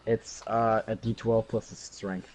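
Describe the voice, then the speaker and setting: A man's voice: fairly low pitch, little pitch movement, measured pace, darkish tone, slight background noise. A young man playing a tabletop game, talking animatedly, swearing and getting exasperated. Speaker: player. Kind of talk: casual tabletop play.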